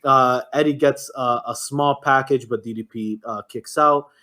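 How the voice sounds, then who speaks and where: A man's voice: mid-range voice, steady tone, normal speed, bright, forceful tone. Podcast co-host, young male, loose rambling recap, lots of "uh" and cursing, mid-range voice. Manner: rambling play-by-play with frequent fillers and cursing. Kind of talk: casual chat recapping a wrestling match.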